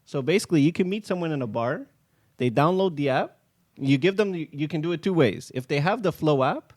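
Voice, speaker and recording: In a casual podcast conversation, an app founder with a fairly high-pitched voice tells stories at a fairly quick clip. He stays animated throughout, performing the lines of dialogue he quotes.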